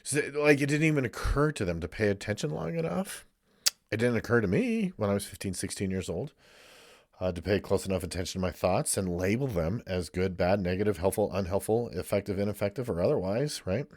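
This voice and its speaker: Low-voiced guy counselor rambling, swears a lot, dry close sound. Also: expressive, brisk, darkish tone, no room sound. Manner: candid, blunt, swears freely; rambling with restarts and asides. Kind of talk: casual monologue.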